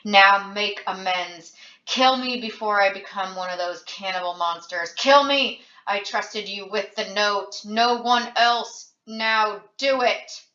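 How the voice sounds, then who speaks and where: A woman reading as a young man slipping into madness, loud, bitter and raging, his voice bright and forceful. The reading sounds roomy and slightly dull, like a lo-fi home recording. It is a storybook reading. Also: mid-range voice, fairly even intonation, unhurried, lightly acted. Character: young man, feverish friend turning violent.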